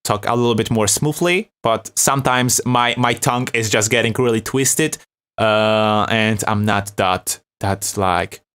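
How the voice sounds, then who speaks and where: A man's voice: fairly low pitch, unhurried, fairly bright tone, clear, resonant tone. A young man from Poland with a Polish accent, hosting a live beat-making stream in a loose, chatty way, reading chat aloud and laughing often. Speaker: beat-making livestream host.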